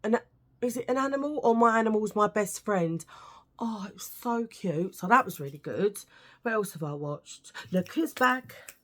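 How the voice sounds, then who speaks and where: A woman's voice: medium pitch, animated, moderate pace, fairly bright tone. A British woman vlogging, telling stories to camera in a chatty, ranting way with lots of asides. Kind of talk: casual storytelling to camera.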